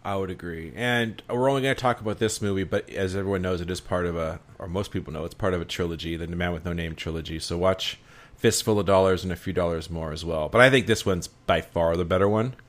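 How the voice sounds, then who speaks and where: Laid-back low-voiced man hosting a podcast. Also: fast talker. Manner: laid-back, laughs often. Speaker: podcast co-host. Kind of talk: casual movie podcast chat.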